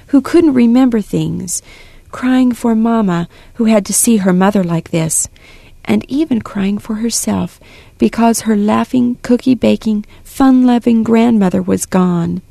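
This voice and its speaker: A woman narrating a storybook in an even, measured reading voice. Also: medium pitch, vocal fry, dry recording. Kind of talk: storybook read-aloud narration.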